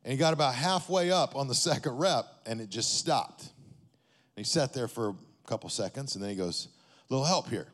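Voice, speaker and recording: A man's voice: medium pitch, moderate pace, a bit bright, long reverb tail. A man, a pastor, telling a story in a sermon in a conversational way, often checking in with his listeners.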